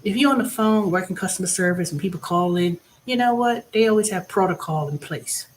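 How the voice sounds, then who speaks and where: A woman hosting her own vlog, giving a blunt, profane monologue that swings between loud bursts and low asides. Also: fairly quick. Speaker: vlog host. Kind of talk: casual ranting monologue.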